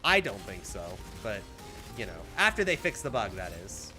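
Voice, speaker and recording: A man's voice: fairly low pitch, very animated, normal speed, soft background music. A man streaming a game, chatting casually with viewers in an upbeat way, full of fillers. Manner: chatty, upbeat, reads chat aloud, full of "like" and "right?".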